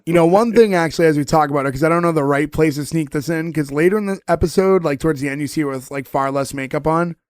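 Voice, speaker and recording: A man's voice: fairly high pitch, quick pace, few pauses, clear, resonant tone, no room sound, clean studio sound. A man co-hosting a casual podcast, retelling scenes in a rambling way full of "like"s. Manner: rambling, filler-heavy retelling with many "like"s. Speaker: podcast co-host. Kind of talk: casual chat recapping a TV episode.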